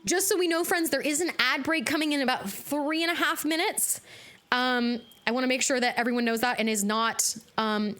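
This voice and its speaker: A woman streaming a video game live, chatting casually with her viewers, bubbly and quick to laugh. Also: sits high, a bit bright. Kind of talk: casual live-stream chat while gaming.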